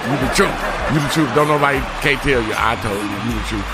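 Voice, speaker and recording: A man hosting a casual radio interview, hyping up his guest with animated, slangy banter. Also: medium pitch, fast, over loud music. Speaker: host.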